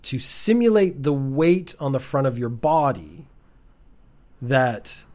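A man's voice: mid-range voice, sing-song, slow pace, darkish tone. Man chatting wryly through the news. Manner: chatty, wry asides, frequent restarts. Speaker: news commentator. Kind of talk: casual news commentary. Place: at home.

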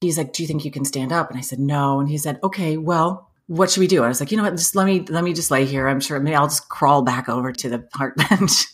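A woman in her thirties telling a funny personal story in casual chat, animated and self-mocking, laughing often. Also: low-pitched, quick pace, hardly any pauses.

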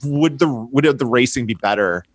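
A man co-hosting a casual chat, thinking out loud and playing with what-if ideas. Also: mid-range voice, lively intonation, normal speed, slightly rough, no echo. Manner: thinking out loud, musing in hypotheticals. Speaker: podcast co-host.

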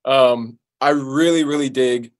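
A man's voice: mid-range voice, measured pace. Laid-back male singer in an interview. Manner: relaxed, laid-back, with fillers and playful sung bits. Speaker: singer and guest. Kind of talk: casual interview chat.

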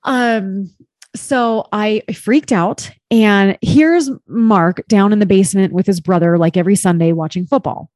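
A woman's voice: mid-range voice, unhurried, a little mellow, no echo, clean studio sound. A woman in her thirties telling a personal story in casual chat, candid and chatty, with lots of "like" and some swearing.

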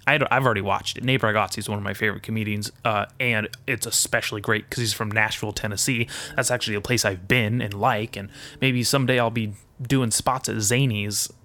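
A man's voice: fairly low pitch, steady tone, fairly quick, few pauses, pushed and bright. A man ranting in a rambling, foul-mouthed monologue as a podcast host, mixing indignation with self-deprecating asides. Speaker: podcast host and aspiring comedian.

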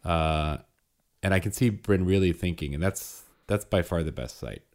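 A man in his thirties co-hosting a podcast, chatting in a relaxed, storytelling way. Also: low voice, normal speed. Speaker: podcast co-host. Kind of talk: casual chat.

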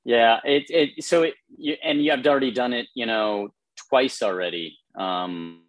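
A man's voice: medium pitch, moderate pace, no echo. A man chatting casually and earnestly, rambling a little with many fillers. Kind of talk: casual chat.

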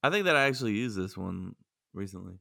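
A man's voice: fairly low pitch, very animated, fast talker, creaky, bright, forceful tone, no echo, clean studio sound. Joking, swearing man in podcast banter. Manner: joking, swearing, mock-defensive. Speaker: podcast co-host.

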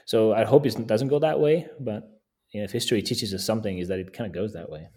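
A man's voice: lowish voice, fast, warm tone. A man speaking as a podcast guest in a casual, easygoing way, often chuckling between thoughts. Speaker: guest landscape photographer.

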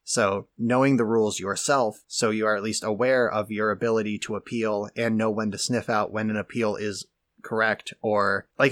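A man co-hosting a casual talk show who speaks in a lowish voice. He explains things in a measured, lecturing way, with a "like" here and there. The sound is dry and close. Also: fairly bright tone, no echo. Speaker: podcast co-host.

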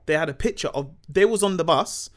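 A man's voice: fairly high pitch, brisk, fairly bright tone. A man telling comic anecdotes on a podcast, slangy and acting out the voices of people in his stories. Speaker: comedian guest.

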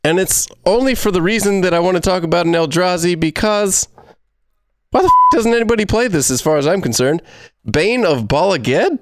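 A man's voice: high-pitched, lively intonation, fairly quick. A man hosting a casual card-game chat, talking in a loose, rambling, joking way. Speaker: podcast host.

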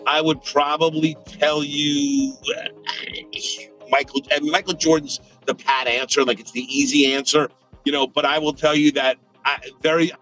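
Bright-voiced male radio analyst. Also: on the high side. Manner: emphatic, thinks aloud with restarts. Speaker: NBA radio analyst, guest. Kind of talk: podcast interview answers.

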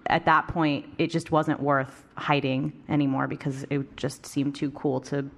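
A woman's voice: sits low, flat delivery, a little slow. A woman co-hosting a podcast, chatting casually, with frequent laughs and a few restarts and casual swearing. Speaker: podcast co-host. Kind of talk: casual chat.

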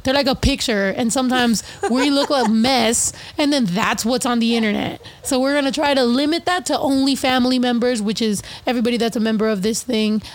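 A woman rapper hosting a casual live podcast, animated and chatty, joking and swearing freely. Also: fairly high pitch, brisk, few pauses. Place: indoors, home studio.

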